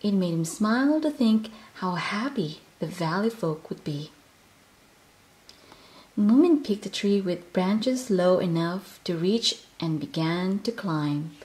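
A woman reading a children's picture book aloud in a gentle, expressive way. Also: on the low side, slow. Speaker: storyteller.

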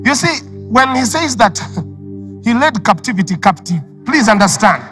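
A man with a Ugandan accent preaching a sermon, shouting out repeated declarations of faith. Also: very high-pitched, sing-song, normal speed, soft background music.

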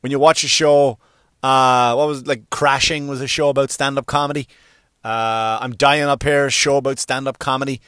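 Animated man doing stand-up. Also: moderate pace, smooth, dry recording, studio quality. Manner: animated, swearing, acts out characters with sudden pitch jumps. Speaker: stand-up comedian. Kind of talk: stand-up comedy monologue.

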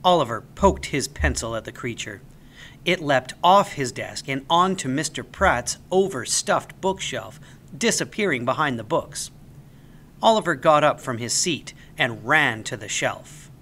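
A man reading a children's story aloud as the storyteller, with an expressive, animated delivery. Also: medium pitch, measured pace, slight background noise.

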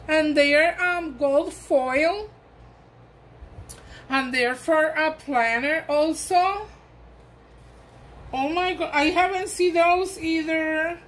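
A woman's voice: sits high, slow, long pauses, fairly bright tone, slight background noise, rough recording. Gushing woman. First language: Spanish. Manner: gushing, exclamatory, enthusiastic. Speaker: crafting vlogger. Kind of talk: gift unboxing chat.

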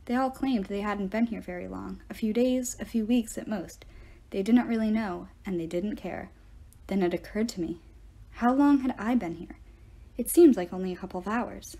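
A woman reading a novel aloud in the first person with expressive storytelling. Her voice is mellow and husky. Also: medium pitch, moderate pace, rough recording. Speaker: reader of audiobook chapters.

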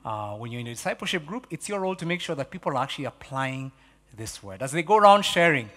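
A man delivers a sermon with a high, bright voice, animated and emphatic. He repeats key phrases for effect, swinging from loud to hushed. The sound carries the long reverb of a church hall. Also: fast talker. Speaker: pastor.

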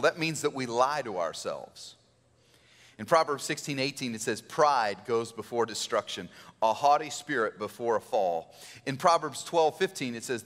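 A male pastor giving an Easter sermon in a church, conversational and animated, acting out quotes. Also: mid-range voice. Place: church sanctuary. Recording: church hall reverb.

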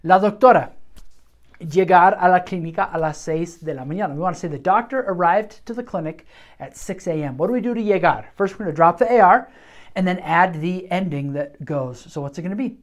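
Middle-aged woman, lower voice, friendly teacher for a casual video lesson. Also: animated, brisk. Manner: upbeat, chatty, says "okay" often. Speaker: medical Spanish teacher.

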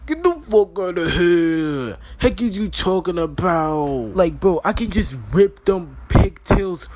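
A young roast video creator does a brash, exasperated comedy roast over a phone mic, swearing constantly and calling everyone "bro." His voice is high-pitched, animated and a little mellow, and he takes it slowly.

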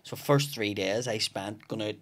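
At a moderate pace and on the low side in pitch, this comedian guest recounts a long story casually on a podcast. He curses freely and performs the voices of the people in his tale, recorded through a studio podcast mic.

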